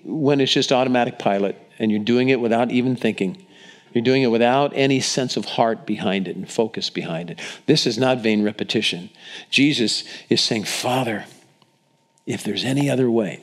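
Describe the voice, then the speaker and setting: A middle-aged man preaching a sermon in an earnest, conversational way, asking the congregation questions. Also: mid-range voice. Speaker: pastor.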